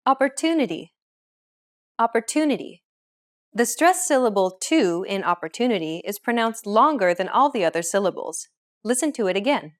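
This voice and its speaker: Woman narrating a language lesson. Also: mid-range voice. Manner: clear, measured explaining. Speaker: host.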